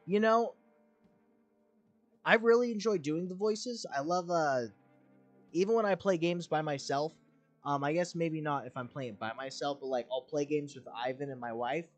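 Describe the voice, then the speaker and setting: A young man chatting through a game stream in a rambling, candid way, full of fillers. His voice sits slightly high, and soft music plays faintly behind him. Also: moderate pace. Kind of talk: casual gameplay commentary.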